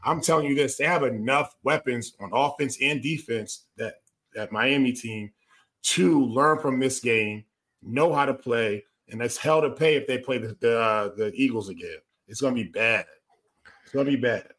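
A former pro football player co-hosts a casual sports talk show in a mid-range, slightly bright voice at a moderate pace. He speaks emphatically, tells stories and repeats his points.

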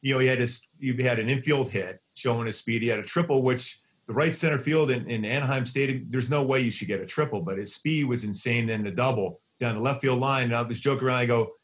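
Excitable man with a Philly accent. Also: mid-range voice, fast talker, hardly any pauses. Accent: Philadelphia. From Philadelphia. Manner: excitable storyteller, frequent restarts. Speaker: baseball broadcaster, guest. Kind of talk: casual interview chat.

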